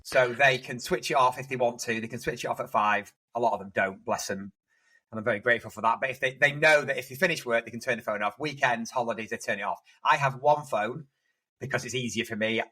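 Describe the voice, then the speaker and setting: A man's voice: medium pitch, fast, bright, forceful tone, husky, low-quality recording. A man co-hosting a casual podcast, telling rambling work anecdotes with lots of restarts. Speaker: podcast co-host, estate agent.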